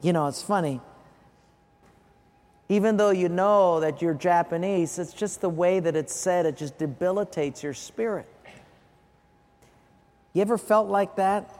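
A man's voice: high-pitched, unhurried, pauses often, darkish tone. A male pastor from Hawaii preaching a sermon, telling personal stories earnestly and repeating phrases for emphasis. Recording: echoey hall reverb.

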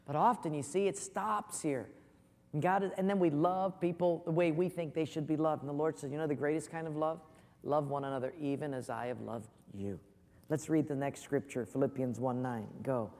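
A man preaching a sermon as pastor, lively and storytelling. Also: a little high, a little fast, big-room sound. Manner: animated storyteller, acts out voices in jokes. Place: church.

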